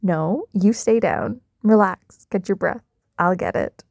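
A young woman leads an intimate audio role-play in a teasing, dominant manner, dropping into soft whispers now and then. Her voice is mellow and warm, and she takes her time with every line. The sound is dry and close, with no room around it. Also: mid-range voice, slow, vocal fry, dry recording.

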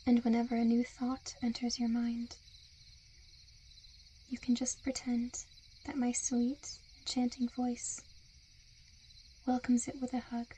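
A woman in a whispered role-play, with a soft, soothing and coaxing hypnotic murmur. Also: on the high side, a little hiss or hum. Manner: seductive, coaxing.

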